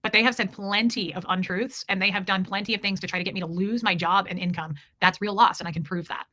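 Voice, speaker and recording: A woman's voice: mid-range voice, steady tone, fast, sharp tone. A woman hosting a casual livestream, answering chat in a blunt, indignant way with repeated emphasis. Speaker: livestream host reading chat.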